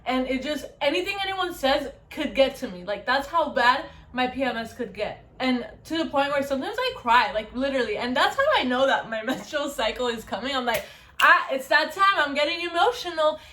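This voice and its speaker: A woman's voice: high-pitched, expressive, fairly quick, hardly any pauses, fairly bright tone. A young woman vlogger chatting casually to her viewers, often saying "you guys" and "okay". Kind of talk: casual talk to camera.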